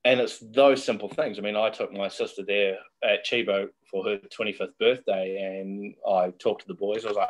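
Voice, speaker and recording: A man's voice: fairly low pitch, fairly even intonation, moderate pace. A middle-aged man, a guest telling chatty, laughing anecdotes in a casual interview.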